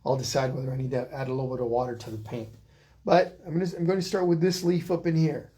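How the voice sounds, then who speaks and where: A middle-aged man, teaching a live online painting lesson in a relaxed, chatty way and reading out viewer comments as he goes. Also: mid-range voice, quick pace. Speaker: painting instructor.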